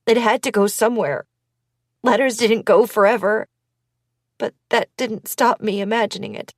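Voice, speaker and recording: A woman reading first-person audiobook narration in a measured, deliberate manner. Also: mid-range voice, no room sound, clean studio sound.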